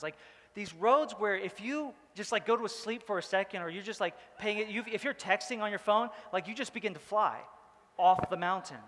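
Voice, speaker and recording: A man's voice: high-pitched, fairly bright tone, long reverb tail. A male pastor giving a casual, joking sermon, rambling with many fillers. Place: church hall.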